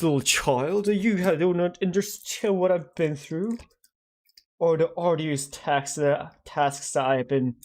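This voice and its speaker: A man's voice: sits high, a little mellow, voice pushed up. A man voicing a pompous, weary English father with a put-on English accent who theatrically scolds his child.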